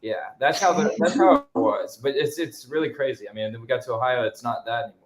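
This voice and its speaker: A man's voice: mid-range voice, fast. A man guesting on a livestream, chatting casually with upbeat enthusiasm. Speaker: guest musician. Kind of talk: casual chat.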